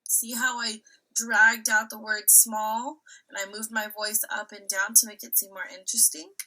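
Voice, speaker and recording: A woman's voice: fairly high pitch, level tone, normal speed, sharp tone, low-quality recording. A woman teacher giving a remote reading lesson to young children, patient and step-by-step, often checking in with "right?".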